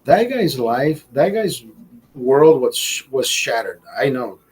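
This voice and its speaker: A man's voice: medium pitch, takes it slowly, husky, poor audio. A man in his forties telling a crude personal story on a podcast, swearing constantly and acting out what others said. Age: 40s. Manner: profane, animated, acts out quoted voices. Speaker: podcast host. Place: studio.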